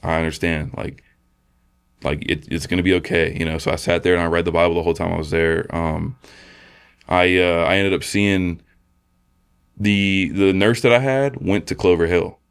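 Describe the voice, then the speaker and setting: A man, a podcast guest, sharing a personal testimony in a halting, soft-spoken way with many fillers and restarts. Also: low voice, fairly even intonation, smooth. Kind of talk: personal testimony in casual conversation.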